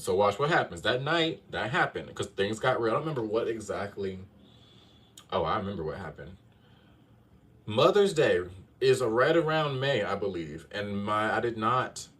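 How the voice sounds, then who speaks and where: A male astrologer telling his viewers a personal story in a casual, animated way, often checking in with them. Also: on the low side, far from the mic. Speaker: astrologer and tarot reader.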